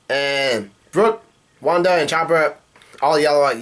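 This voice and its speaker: A man's voice: a little high, normal speed, a bit bright. A man chatting casually as a vlogger, recapping a comic chapter in a rambling way with lots of fillers. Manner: rambling with many fillers and restarts.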